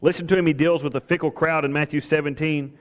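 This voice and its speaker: A man's voice: fairly high pitch, fairly even intonation, quick pace, in a large hall. A man preaching a sermon as pastor, talking with emphasis and asking his listeners rhetorical questions.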